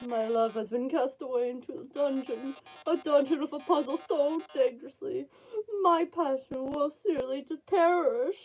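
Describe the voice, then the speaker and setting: A woman voicing a flamboyant robot TV star in a lowered voice, with drawn-out melodramatic delivery. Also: darkish tone, faint music behind, natural voice, rough recording.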